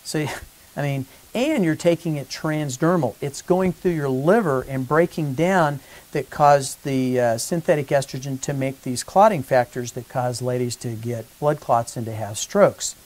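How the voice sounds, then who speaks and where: Casting note: chatty male physician explaining treatment, middle-pitched, lively retellings. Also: a little slow, rough recording. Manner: conversational, animated when acting out exchanges. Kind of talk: educational talk to patients.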